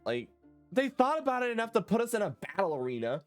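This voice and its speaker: A man's voice: fairly high pitch, very animated, fairly quick, faint music behind. A man streaming a video game, chatting casually, swearing and laughing as he talks. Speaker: gaming streamer. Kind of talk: casual let's-play chat.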